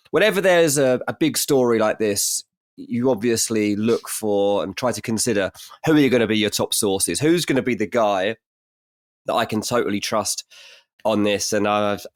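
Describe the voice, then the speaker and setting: Low-voiced joking man, dry sound. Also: no echo. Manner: jokey, teasing, rambling. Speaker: football transfer journalist. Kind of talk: casual football podcast chat.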